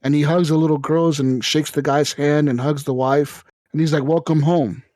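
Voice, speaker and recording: A man hosting a podcast, telling a story in casual, excited, profane chat. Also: on the high side, moderate pace, no room sound, rough recording. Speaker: podcast host.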